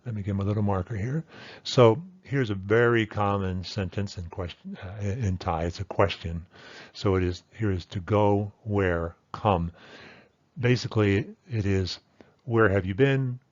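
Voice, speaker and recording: A man with a fairly low voice gives a patient, step-by-step language lesson. He repeats each example word slowly, sounding it out more than once. The recording is dry and a little dull and lo-fi. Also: no room sound. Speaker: Thai language teacher. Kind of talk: explanatory lesson.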